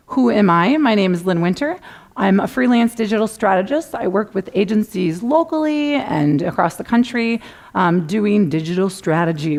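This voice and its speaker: A middle-aged woman giving a conference talk, animated and acting out clients' panicked voices. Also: medium pitch. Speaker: conference speaker. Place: conference room.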